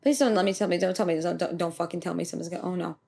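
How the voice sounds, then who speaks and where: A woman giving casual first-watch reaction commentary on an anime, excitable, gasping and exclaiming, and swearing freely. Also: fairly low pitch, racing, gravelly.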